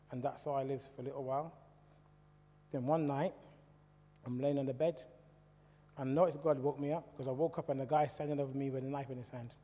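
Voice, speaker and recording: A middle-aged man with a British English accent giving a personal testimony talk in a church, telling his story in a lively way and asking the audience questions. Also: medium pitch. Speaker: church speaker. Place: church hall. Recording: echoey church hall reverb.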